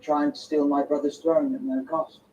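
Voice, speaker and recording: A man's voice: fairly high pitch, little pitch movement, normal speed, darkish tone, slight background noise, lightly acted. Cold, taunting young prince, voiced by a man; muffled and distant. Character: cruel young one-eyed prince, menacing. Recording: muffled TV sound from across a room.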